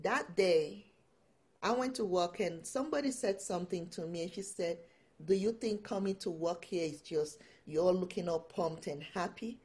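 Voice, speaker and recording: A middle-aged woman, a guest empowerment coach, telling her story in a casual interview, animated and laughing often. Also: lowish voice, normal speed.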